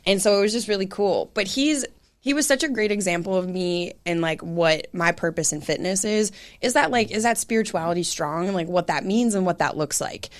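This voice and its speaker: A young adult woman, a fitness coach, telling animated stories in a casual podcast chat, full of "like" and "right?". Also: on the low side, brisk. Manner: animated storytelling, lots of "like" and "right?".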